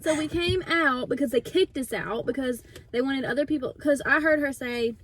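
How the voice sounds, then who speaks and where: A woman's voice: high voice, normal speed, fairly bright tone. A woman, telling an indignant story in a casual vlog. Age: 20s. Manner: indignant, retelling with quoted dialogue. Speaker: vlog host.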